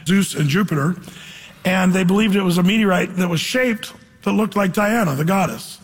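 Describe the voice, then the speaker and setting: A man teaching through a Bible passage verse by verse, reading scripture slowly and then explaining it in casual slang. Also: sits high, husky, long reverb tail.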